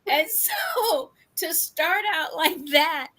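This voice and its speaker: A woman guest in a casual adult chat who laughs often as she tells stories in a drawn-out, expressive way. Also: very high voice.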